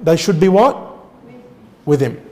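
Emphatic preacher in a reverberant hall. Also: male voice, expressive, unhurried. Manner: emphatic, rising to loud declarations then dropping low; asks the congregation rhetorical questions. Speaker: pastor. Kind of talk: sermon.

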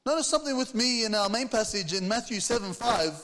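Guy preaching w/ a really high voice, lots of rhetorical questions, big echoey church. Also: lively intonation, fast talker, fairly bright tone. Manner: earnest preaching, reads scripture aloud, rhetorical questions. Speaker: pastor. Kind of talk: sermon.

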